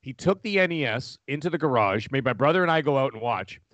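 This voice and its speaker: A man, chatting casually as a podcast co-host, rambling and animated. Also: medium pitch, fast, dry recording, muffled recording. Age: 40s. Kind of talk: casual chat.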